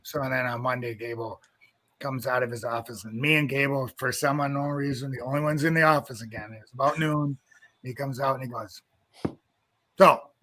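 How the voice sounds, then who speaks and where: A man's voice: medium pitch, normal speed, dry recording. A middle-aged man, a wrestling coach, casually telling a story and acting out the voices in it, laughing often. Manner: animated storyteller, acts out quotes, laughs often.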